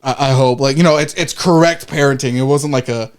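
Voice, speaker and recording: A man co-hosting a podcast speaks briskly in a steady, clean mid-range voice. He tells a casual, rambling story, correcting himself, swearing freely and acting out his reactions in quoted asides.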